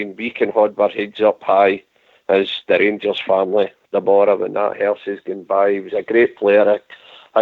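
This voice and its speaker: A man's voice: fairly low pitch, no room sound. A Scottish man hosting a fan radio phone-in, talking in an earnest, rambling way and repeating his phrases. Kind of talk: casual fan radio chat. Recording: dry tinny phone-line audio.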